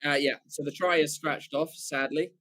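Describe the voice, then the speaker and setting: A man commentates a rugby match live for his stream's viewers, speaking in a slightly higher register than most men. He sounds like an invested fan rather than a broadcaster, excitable and loose, dropping the odd swear word and correcting himself as the play unfolds. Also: moderate pace. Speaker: watchalong commentator.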